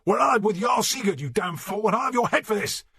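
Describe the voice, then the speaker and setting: A man voicing an arrogant Saxon nobleman who shouts and snarls in fury. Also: high voice, animated, fast talker, slightly rough, voice pushed up, heavily acted. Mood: furious shouting. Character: furious arrogant older male Saxon nobleman.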